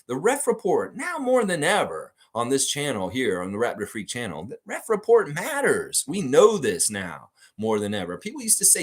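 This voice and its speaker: A man's voice: fairly high pitch, wildly swooping pitch, moderate pace, few pauses. A man hosting a live sports fan show, talking in a casual, emphatic and blunt way with frequent cursing. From United States. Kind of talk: casual live stream commentary.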